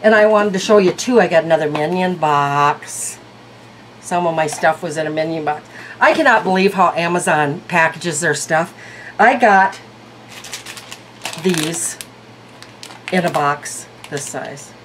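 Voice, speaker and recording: A woman's voice: low-pitched, unhurried, long pauses, a little hiss or hum, low-quality recording. A woman reviewing beauty products in a casual vlog, chatty and thinking aloud. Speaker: beauty vlogger.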